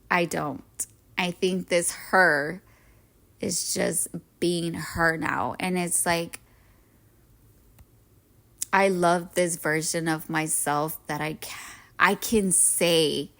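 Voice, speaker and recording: Her voice is lowish with a bit of brightness. She's in her thirties and hosts a solo podcast, where she speaks earnestly and emotionally about self-growth and encourages her listeners in reflective talk.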